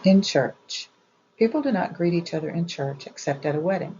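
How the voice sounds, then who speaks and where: A woman reading an old etiquette book aloud in a measured, even way. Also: fairly low pitch, lo-fi sound, a little hiss or hum. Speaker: audiobook reader.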